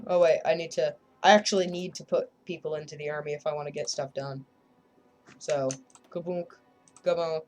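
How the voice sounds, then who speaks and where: A woman's voice: low-pitched, steady tone, normal speed, darkish tone, soft background music. Woman rambling thru a strategy game, jokey and self-deprecating. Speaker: gameplay video creator. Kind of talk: casual gameplay commentary.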